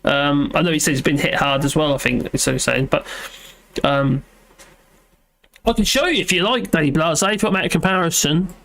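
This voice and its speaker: Man with a fairly high voice, hosting a live chat from home; rambly, self-deprecating, lots of ums. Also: fairly quick, gravelly, a bit bright. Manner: rambling, self-deprecating, many fillers and restarts. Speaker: livestream host reading chat.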